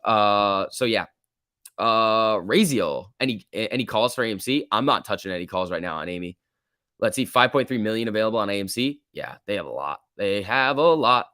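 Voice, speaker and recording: A man's voice: fairly low pitch, fairly quick, pushed and bright, clear, resonant tone, no echo, clean studio sound. A man hosting a casual stock-market livestream, reading viewer comments and ranting bluntly with frequent filler words.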